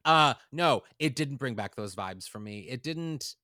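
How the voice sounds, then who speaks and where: A man's voice: medium pitch, animated, a little slow, sharp tone, dry recording, clean studio sound. A man co-hosting a podcast, talking casually and rambling with lots of hedging. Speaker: podcast co-host. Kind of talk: casual chat.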